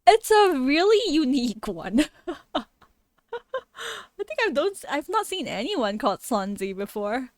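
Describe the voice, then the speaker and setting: A woman streaming a horror game who reacts out loud, swears freely and reads the on-screen dialogue aloud. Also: high-pitched, sing-song, unhurried, dry recording. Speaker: VTuber streamer. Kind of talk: horror game let's play commentary.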